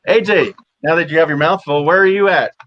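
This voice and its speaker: A man's voice: on the high side, fairly quick. A man co-hosting a casual livestream chat, joking and telling little stories with lots of energy. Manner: jokey, animated storyteller. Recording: dull lo-fi audio.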